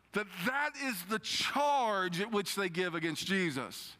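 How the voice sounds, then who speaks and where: A man preaching a sermon, reading scripture and retelling it with expressive rises and drops. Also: unhurried, few pauses. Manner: expressive preaching with dramatic pitch swings when quoting scripture. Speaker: pastor.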